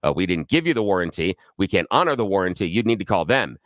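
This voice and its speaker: A man voicing a patient dryer repairman who calmly explains himself to a customer. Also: low-pitched, quick pace, no echo, pitched below the performer's own voice.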